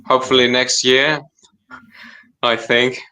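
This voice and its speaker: Slow, halting man on a panel. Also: medium pitch, flat delivery, pushed and bright, low-quality recording. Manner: hesitant, halting, repeats himself. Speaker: panel guest. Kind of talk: casual podcast chat.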